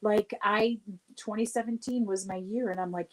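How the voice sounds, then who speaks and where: A woman's voice: medium pitch, fairly even intonation, normal speed, a little mellow, poor audio. A woman chatting as a guest on a livestream, telling stories with frequent laughter. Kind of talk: casual livestream chat.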